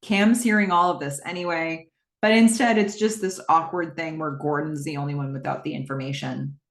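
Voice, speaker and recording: A woman's voice: low voice, steady tone, moderate pace. Chatty woman recapping in an echoey room. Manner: chatty, laughing asides. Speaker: podcast host. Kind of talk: casual episode recap. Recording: roomy echo.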